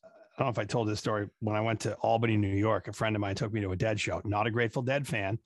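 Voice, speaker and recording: A man with a gravelly, husky voice trades casual, profane banter on a podcast. He tells loose, rambling stories and swears freely. The sound is close and dry. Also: fairly low pitch, steady tone, quick pace, dry recording. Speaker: podcast co-host.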